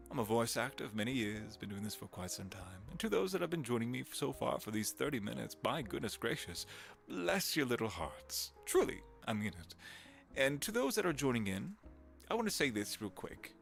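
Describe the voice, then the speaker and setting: A man, a voice actor, chatting casually on a home livestream with a gravelly vocal fry, giggling and wandering between topics. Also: fairly low pitch, fairly bright tone. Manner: chatty, giggly, drifts into voice demos. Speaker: voice actor streaming.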